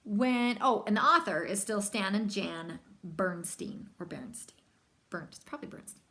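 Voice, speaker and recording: A young woman reading a children's picture book aloud, with lively, chatty asides to young listeners. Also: mid-range voice, normal speed. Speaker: storybook reader.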